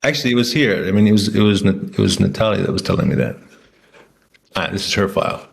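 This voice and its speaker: A man's voice: on the low side, lively intonation, fast, vocal fry, breathy edge. A man talking casually to camera in a rambling way, with many restarts and fillers. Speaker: vlogger.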